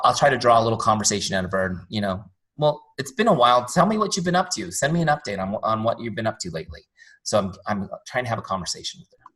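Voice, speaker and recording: A middle-aged man giving a live sales training, chatty and animated, telling stories with jokey asides to a group. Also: medium pitch. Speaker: trainer and company founder.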